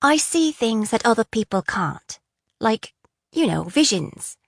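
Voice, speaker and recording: A blunt young woman held captive, snapping back with quick, indignant answers, as a woman narrator reads her. The voice sits a touch higher than the reader's own. The sound is dry and close. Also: big pitch swings, creaky, no echo, full character voice. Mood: defiant.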